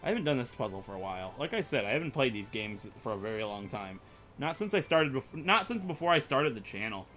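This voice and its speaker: A young man chatting through a game playthrough, rambling and poking fun at himself. His voice swings animatedly up and down with a bright, forceful edge, and faint music plays underneath. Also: mid-range voice, very animated, fast. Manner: rambling, self-mocking, chatty. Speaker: gaming YouTuber. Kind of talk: let's play commentary.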